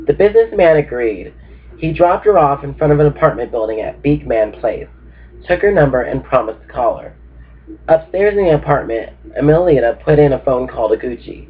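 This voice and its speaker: A man's voice: medium pitch, expressive, a little fast. A laid-back man reads a novel aloud in a loose, casual way. He sounds sleepy, as if he has just woken up. The recording is thin and tinny, like a phone line. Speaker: book reader. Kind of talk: casual book reading.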